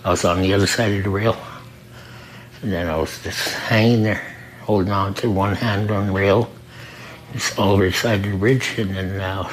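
A man who works the front desk at a recovery program, telling his own story in an earnest, halting way and often repeating himself. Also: low voice, fairly even intonation, a little hiss or hum, rough recording. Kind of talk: personal testimony in an interview.

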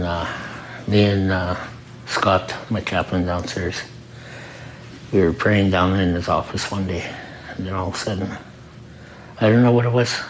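Man, very low voice, earnest personal testimony, halting, repeats himself, faint background ambience. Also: slight background noise, rough recording. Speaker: front desk worker at a recovery program.

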